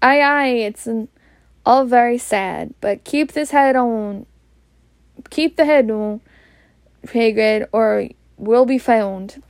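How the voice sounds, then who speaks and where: A woman's voice: on the high side, slow pace, dry recording. A woman doing a stern Scottish witch professor. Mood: firm. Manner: sharp, scolding.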